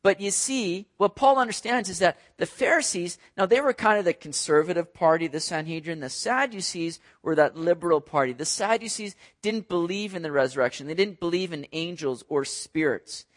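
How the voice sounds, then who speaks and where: Man, Bible teacher; conversational, explaining as he goes, high voice. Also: animated, normal speed, few pauses.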